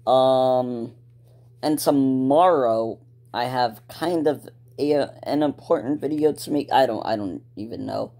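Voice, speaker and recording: A man's voice: mid-range voice, slow, warm tone. A male YouTuber talking casually to his viewers, rambling with lots of ums, restarts and laid-back slang. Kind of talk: casual talk to camera.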